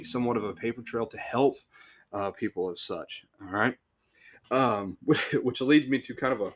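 The podcast host has a fairly low pitch and a fairly bright tone. He rambles casually through a work story, cursing, starting over and chuckling along the way.

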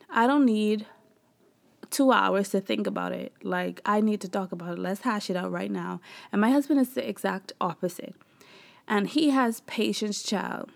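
A woman with a gravelly, fry-tinged voice talks candidly to her listeners about faith and marriage. She chats in a homey way and keeps calling them "y'all." Now and then she acts out her own past words in animated bursts. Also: mid-range voice. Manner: chatty, addresses listeners as "y'all". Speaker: podcast host.

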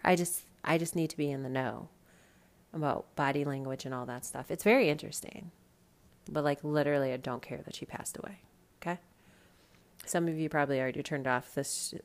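A woman hosting a casual pop culture gossip podcast, blunt and sassy, swearing freely and firing off rhetorical questions. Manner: swings to loud, high exclamations for emphasis. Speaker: podcast host.

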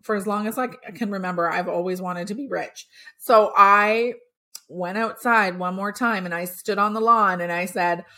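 A woman hosting a podcast, telling a personal story in a lively, animated way. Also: moderate pace. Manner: animated storytelling, acts out quotes with big pitch jumps. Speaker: podcast host.

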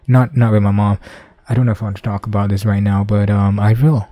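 A young man hosting a casual solo podcast, rambling and swearing, dropping to mumbles and then bursting out loud. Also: lowish voice, flat delivery, fairly quick, no room sound. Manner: rambling, profane, swings between mumbling and loud outbursts. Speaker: podcast host.

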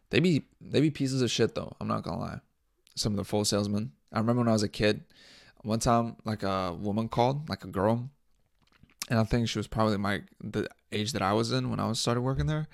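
A man's voice: lowish voice, a little fast, gravelly, long pauses, no room sound, studio quality. A young man hosting a podcast, telling profane, laugh-filled stories in a casual way. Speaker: podcast host. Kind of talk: casual storytelling.

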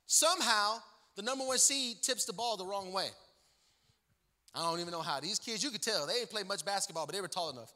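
With a high, lively voice and a quick pace, a visiting pastor jokes through a story mid-sermon, chatting loosely and leaning on fillers. His tone is bright and forceful. The setting is a church sanctuary, recorded with long church-hall reverb.

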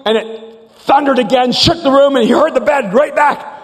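A man's voice: very high voice, moderate pace. A man preaching a sermon, telling stories animatedly, acting out the voices and often restarting his sentences. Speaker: pastor. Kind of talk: sermon storytelling. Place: large church hall. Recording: live church hall with reverb.

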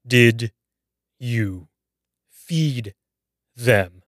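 A man voicing an older woman who scolds and keeps calling the listener dear, going from calm to shrill. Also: a little slow, no echo, clean studio sound, close to an everyday voice. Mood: shouting.

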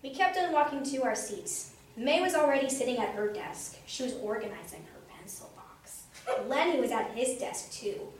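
Animated woman reading a kids' book, high and lively, roomy far-off sound with faint hum. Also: normal speed. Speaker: storybook reader. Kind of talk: children's book read-aloud.

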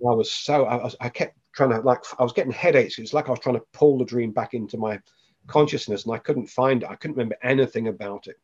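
A man's voice: medium pitch, fast, darkish tone, husky, dull audio. A man, a podcast guest, tells a personal story with animation and acts out the voices of the people in it.

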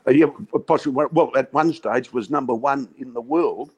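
A man's voice: mid-range voice, normal speed, darkish tone, slightly rough, low-quality recording. An Australian man in his sixties from Western Australia, a former cricket captain swapping stories as a guest. He tells yarns with plenty of laughs and calls everyone mate. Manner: yarning storyteller, laughs often, says "mate". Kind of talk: casual chat.

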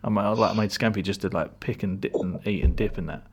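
A man chats on a podcast in a fairly low voice. He rambles through everyday stories, often dropping into quiet, mumbled asides. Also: fast talker, slightly rough. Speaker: podcast co-host. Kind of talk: casual chat.

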